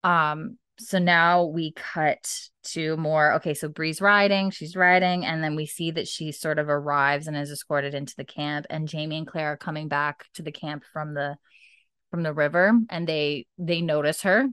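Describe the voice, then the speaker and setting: A woman's voice: low voice, little pitch movement, moderate pace, fairly bright tone, smooth, dry recording, clean studio sound. A woman hosting a podcast, recapping a TV episode in a chatty, rambling way full of "like" and "um". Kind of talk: casual chat.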